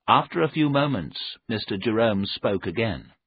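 A man reading a story aloud in a measured, deliberate narration. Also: fairly low pitch, animated, husky, no echo. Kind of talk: scripted audiobook narration. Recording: narrow phone-like audio.

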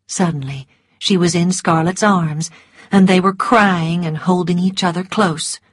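A woman reading a novel aloud as an audiobook narrator, slow, even and hushed. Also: lowish voice, breathy edge, no echo, studio quality. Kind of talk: storybook narration.

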